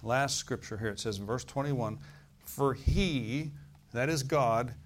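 A man's voice: medium pitch, slow pace, a little hiss or hum. A man preaching a sermon in a church service, folksy, with laughing asides and rhetorical questions to the congregation.

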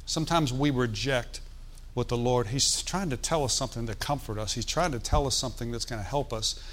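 In a mid-range, fairly quick and fairly bright voice, a man delivers a sermon in a folksy, conversational style. He tosses in joking asides and asks the congregation to call back responses.

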